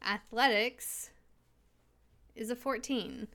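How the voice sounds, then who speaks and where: Woman gaming with friends online; unhurried, bright, lots of fillers. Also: a little high. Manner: relaxed, hesitant with fillers. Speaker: player. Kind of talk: tabletop game roleplay.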